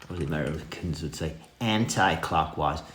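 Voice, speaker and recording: A man's voice: low voice, a little slow, creaky. A man giving a cheeky, self-mocking running commentary in a casual hands-on repair tutorial. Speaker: vintage reel restorer. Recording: echoey room with music behind.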